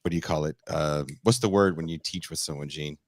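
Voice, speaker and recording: A very deep-voiced man co-hosts with blunt, teasing remarks. He stalls and hesitates when hunting for a word. His voice comes through dry and close. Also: fairly even intonation, brisk, dry recording. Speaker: podcast co-host. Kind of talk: casual political discussion.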